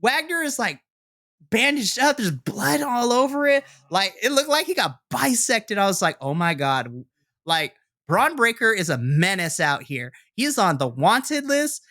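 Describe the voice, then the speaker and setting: Young male podcast co-host, excitable recapper, crisp bright tone, dry close sound. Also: high-pitched, measured pace, no echo. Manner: excitable storyteller, swears, acts out reactions. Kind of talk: casual wrestling recap.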